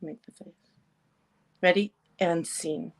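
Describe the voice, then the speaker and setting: A woman's voice: lowish voice, steady tone, slow. A woman hosting a casual talk show, playful and teasing, laughing often between her lines. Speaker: podcast host. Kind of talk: casual chat.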